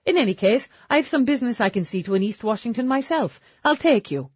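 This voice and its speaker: A woman narrator voicing a suave, wealthy man who speaks smoothly and teasingly in an audiobook. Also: fairly high pitch, lively intonation, fairly quick, no room sound, muffled recording, voice pushed up. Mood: breezy. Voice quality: smooth, unruffled.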